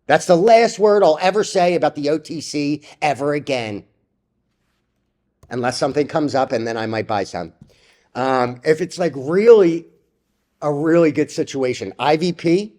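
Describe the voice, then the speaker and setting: A young man ranting bluntly about stock trades, profane and rambling, with a slightly high voice. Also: normal speed, darkish tone. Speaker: stock trading vlogger. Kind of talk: casual ranting commentary.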